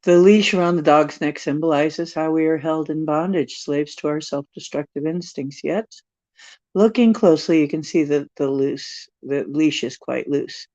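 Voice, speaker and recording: An older tarot reader on a livestream reads card texts in a mellow, medium-pitched voice at a normal speed, adding rambling, joking asides. The stream audio is dry, dull and lo-fi.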